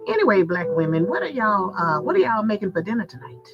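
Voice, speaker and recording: A woman's voice: medium pitch, big pitch swings, fast. A woman vlogger venting to her viewers in a sassy, candid monologue, laughing as she talks. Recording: muffled lo-fi sound with loud music. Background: background music.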